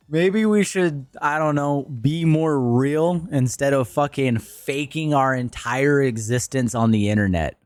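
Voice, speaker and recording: A man's voice: mid-range voice, no room sound. A young man streaming and commenting casually, ranting in a blunt, profane way.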